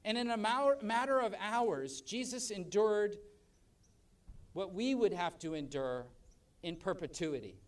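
Pastor guy preaching, fairly high voice, goes loud then quiet, mic kinda far off. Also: expressive, unhurried. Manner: emphatic preaching, swells loud then drops soft. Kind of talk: sermon. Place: church service.

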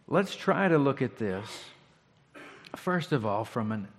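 A pastor giving a sermon, talking in a conversational, reflective way with rhetorical questions. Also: male voice, mid-range voice. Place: church sanctuary. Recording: long hall reverb.

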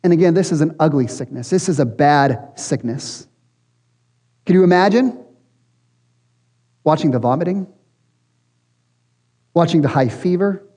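A man's voice: on the high side, lively intonation, a little slow, pauses often, mellow. A man preaching a sermon as pastor to a church congregation, in an earnest, conversational way. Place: church hall. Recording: long hall reverb.

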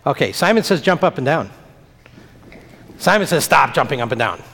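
A man's voice: a little high, sing-song, moderate pace, gravelly, fairly bright tone, slight background noise. A man leading a children's message in church, talking simply and playfully with the kids. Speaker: pastor. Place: church sanctuary. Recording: long reverb of a church hall.

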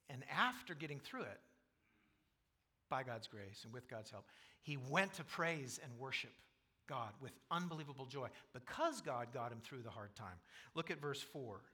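A man preaching a sermon as pastor, reading scripture and building to loud, emphatic passages. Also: a little high. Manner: quotes scripture aloud.

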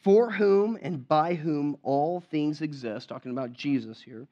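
A man with a fairly high voice preaches a sermon in a loose, chatty way and keeps asking whether his listeners are with him. The recording sounds a little dull and lo-fi. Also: measured pace, hardly any pauses, mellow. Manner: conversational, checks in with the congregation. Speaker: pastor.

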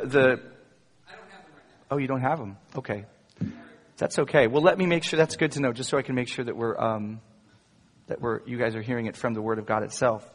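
A male pastor preaching a sermon in an animated way, rising into emphatic quotes. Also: medium pitch. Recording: echoey hall, long reverb.

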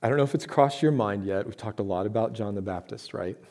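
Pastor guy giving a sermon, warm low tone, chatty and emphatic. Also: fast talker. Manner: conversational, rhetorical questions, emphatic. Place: church.

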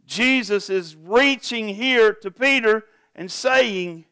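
Man, pastor, high voice, slow deliberate sermon, earnest, questions to the congregation. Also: pushed and bright, clean tone, no echo.

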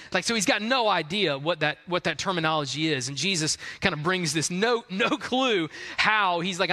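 A man's voice: high voice, normal speed, hardly any pauses. A man preaching a conversational sermon to a congregation, acting out the people in his story. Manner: conversational, acts out quotes, rising excitement. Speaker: pastor. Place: large hall with congregation. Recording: long hall reverb.

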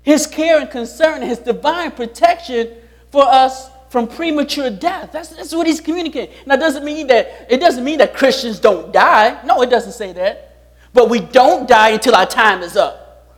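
A man's voice: extremely high pitch, normal speed. A pastor preaching a sermon, repeating his key lines and putting rhetorical questions to the congregation.

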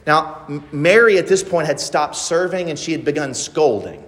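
A man's voice: fairly high pitch, animated, normal speed. A male pastor preaching a sermon, emphatic and full of rhetorical questions. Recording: long hall reverb.

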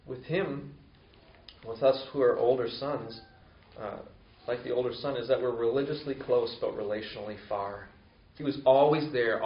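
A man preaching a conversational sermon who acts out quoted voices with rising pitch. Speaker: pastor. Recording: roomy, distant, dull lo-fi sound.

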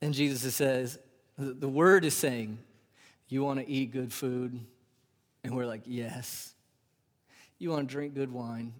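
A man in his thirties preaching a sermon. He swings from loud, rising emphasis to hushed, drawn-out near-whispers. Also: medium pitch, steady tone. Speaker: pastor. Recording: live sermon with long hall reverb.

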